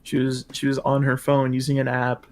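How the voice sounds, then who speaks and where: A man's voice: medium pitch, completely flat delivery, moderate pace. A man commenting on a livestream in a casual, sarcastic and crude way. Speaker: livestream co-host.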